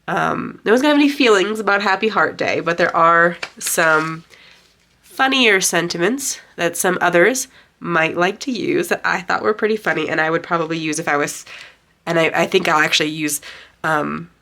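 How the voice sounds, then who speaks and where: A woman with a stuffy, nasal voice from a lingering cold talks through a home craft tutorial. Her tone is bright and forward, a little low-pitched for a woman. She chats loosely and fills pauses with "um" as she works. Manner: chatty, rambling with fillers. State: congested, sick nasal voice. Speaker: craft channel host. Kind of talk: casual craft tutorial narration.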